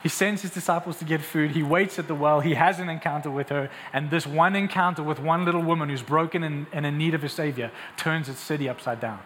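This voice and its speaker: A man's voice: on the high side, fast talker, few pauses, a bit bright, in a large hall, a little hiss or hum. A young man preaching a sermon as a pastor, conversational and then building to emphatic peaks.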